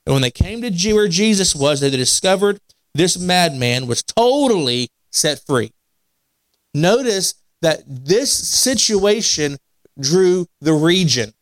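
Preacher guy, bit high voice, dry close mic, loose and repetitive then punchy. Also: expressive, slow, no room sound. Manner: conversational preaching with repetitions and restarts, rising to emphatic. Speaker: pastor. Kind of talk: sermon. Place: church sanctuary.

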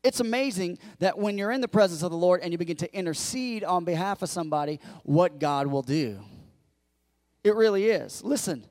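A pastor preaching a lively sermon to his congregation, acting out quoted lines in a raised voice and joking with the crowd. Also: sits high, a little fast. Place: church.

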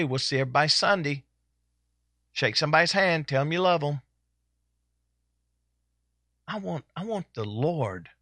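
A man's voice: mid-range voice, a bit bright, dry recording. A man preaching a sermon at a church service. He is fervent and folksy and hammers his points home by repeating them. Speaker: pastor.

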